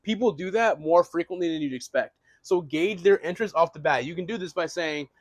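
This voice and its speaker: Fast-talking energetic young man teaching. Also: on the high side, no echo. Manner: energetic, repeats and restarts phrases, swears casually. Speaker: real estate wholesaling instructor. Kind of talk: casual classroom lesson.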